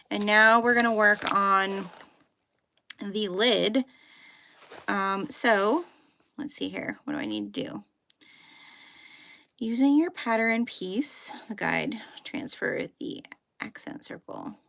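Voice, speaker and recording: Chatty, gravelly woman teaching sewing. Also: medium pitch, pushed and bright, slight background noise. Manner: chatty, many "like" and "um" fillers, thinking aloud while working. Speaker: sewing teacher hosting a live sew-along. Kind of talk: casual live tutorial.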